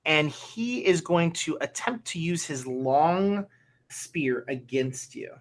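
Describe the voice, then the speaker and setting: A man running a tabletop game as game master, tallying dice aloud in a measured way. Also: a little high, animated.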